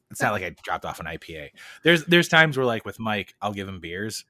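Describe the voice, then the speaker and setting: A man with a lowish voice chats casually on a beer podcast, rambling and joking, and he often restarts his sentences. The sound is very dry, with no room to it. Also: sing-song, brisk, pushed and bright, dry recording. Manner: rambling, jokey, many fillers and restarts. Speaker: podcast co-host. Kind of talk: casual chat.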